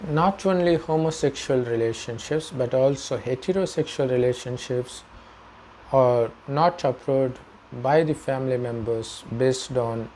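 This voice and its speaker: A man giving a spiritual talk as a teacher, explaining slowly and carefully with pauses. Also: medium pitch, darkish tone, a little hiss or hum. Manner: slow, measured explaining with pauses.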